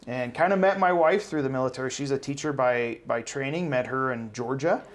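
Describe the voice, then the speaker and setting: A man's voice: medium pitch, a little fast. A man in his forties from South Dakota, a hospital CEO talking in a casual interview in an upbeat, humble way.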